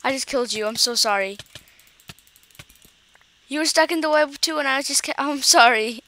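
A woman chatting casually while gaming with a friend, chatty and quick to apologize. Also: sits high, bright, forceful tone. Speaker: gamer.

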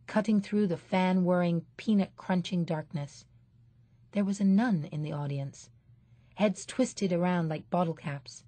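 A woman narrating an audiobook in a measured, steady storytelling manner. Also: lowish voice, no echo. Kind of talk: scripted narration.

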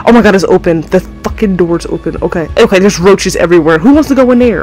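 A woman with a lowish voice speaks at a moderate pace over music in a low-quality recording, doing let's play commentary on a horror game. Using her own desk mic, moved back to prevent clipping, she panics, swears constantly, and yelps in fright while talking to viewers.

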